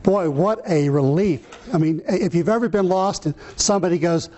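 A man preaching a sermon, reading scripture slowly and earnestly, with some fillers and restarts. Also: sits high, dark tone.

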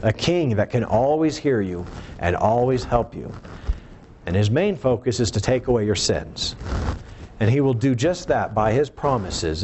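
A man's voice: darkish tone, a little hiss or hum. A man preaching a sermon, earnest and emphatic, swinging his voice up and down for emphasis. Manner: earnest, emphatic preaching with rising and falling pitch.

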